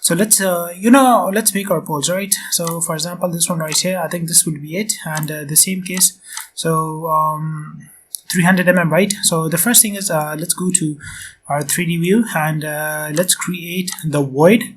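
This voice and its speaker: A man's voice: a little high, steady tone, normal speed, a bit bright, a little hiss or hum. Man with chatty, filler-heavy tutorial talk. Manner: chatty, filler-heavy, addresses viewers as guys. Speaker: software tutorial instructor. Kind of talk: casual screen-recorded tutorial.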